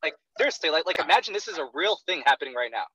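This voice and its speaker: A man's voice: on the high side, expressive, rapid-fire, pushed and bright, breathy edge, no echo. A man coaching a salesperson over an online call, blunt, profane and intense, with dull, dry call audio. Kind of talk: blunt coaching role-play session.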